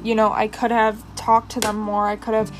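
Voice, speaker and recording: A woman's voice: fairly high pitch, completely flat delivery, moderate pace, soft background music, rough recording. A young woman hosting a personal podcast, talking with passion and rambling with many fillers while doing her makeup. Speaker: podcast host.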